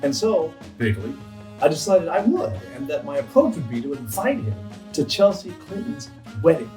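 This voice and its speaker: A man's voice: fairly high pitch, huge pitch swings, moderate pace, dark tone. A man, a comedian, narrating a comic story in a playful, wry way. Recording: roomy, distant mic. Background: faint background music.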